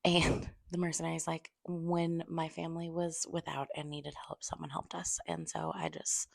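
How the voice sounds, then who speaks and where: A young woman talks through a fantasy book in a loose, spoilery review. Her voice sits low with a gravelly fry, and she swears freely while acting out the characters in quick asides, sometimes sinking to a near-whisper. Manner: drops to a near-whisper at times to keep quiet. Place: home room at a table.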